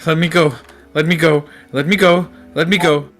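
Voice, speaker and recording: A man's voice: fairly even intonation, moderate pace, fairly bright tone, natural voice. A man voicing a frightened little girl who stammers and pleads. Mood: panicked shouting. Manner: high, stammering, pleading child voice.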